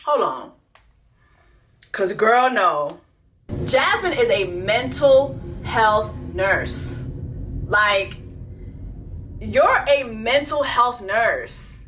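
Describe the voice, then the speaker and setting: Reaction host, woman; high, lively, bright, blunt and profane. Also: extremely slow, long pauses, slight background noise. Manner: blunt, profane and animated, repeating lines for emphasis. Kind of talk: unscripted reaction commentary.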